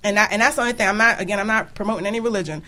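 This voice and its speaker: A woman's voice: mid-range voice, rapid-fire, bright, forceful tone. A woman hosting her own radio talk show, chatting casually and animatedly, laughing often between points.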